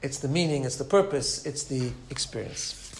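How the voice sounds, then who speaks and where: A man teaching a religious lesson, telling a story with an animated manner and frequent asides. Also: mid-range voice, moderate pace, slight background noise.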